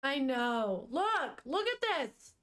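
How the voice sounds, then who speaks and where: Slow-talking, high-voiced chatty young woman. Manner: chatty and animated, swears casually. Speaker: streamer. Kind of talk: reading a manga aloud live to chat.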